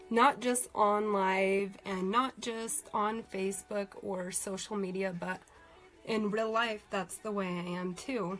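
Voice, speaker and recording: A woman's voice: mid-range voice, poor audio. A woman, chatting on a live stream while she cries and rambles with many fillers. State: crying. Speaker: vlogger doing a live stream. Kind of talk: casual live-stream chat.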